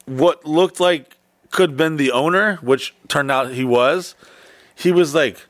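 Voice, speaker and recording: A man telling stories in casual chat, rambling and profane with quick bursts. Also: fairly high pitch, fairly bright tone, no room sound, studio quality.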